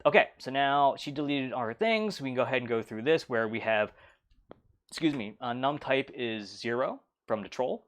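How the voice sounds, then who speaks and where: A man's voice: medium pitch, lively intonation, normal speed, fairly bright tone. A man teaching a programming lesson in a casual, loose way, full of fillers and playful sound effects. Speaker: instructor. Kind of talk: casual whiteboard lecture.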